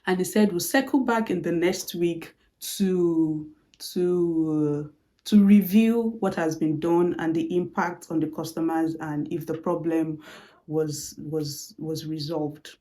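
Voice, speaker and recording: A woman's voice: low voice, takes it slowly. A woman telling a personal story in a motivational talk, acting out the lines of the people she quotes. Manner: animated storytelling, acts out quoted dialogue. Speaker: motivational speaker.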